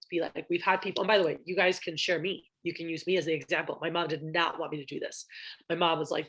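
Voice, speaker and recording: A woman's voice: fairly low pitch, flat delivery, fast, a bit bright. A young woman training managers in a casual, chatty way, filling her talk with ums and acting out the conversations she describes. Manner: chatty, many fillers, acts out quoted dialogue. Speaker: sales division trainer.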